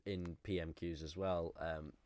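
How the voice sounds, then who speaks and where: A man's voice: low-pitched, little pitch movement, measured pace, darkish tone, no echo. A man co-hosting a radio politics chat, telling anecdotes with laughs and giving short replies of agreement. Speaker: radio show co-host.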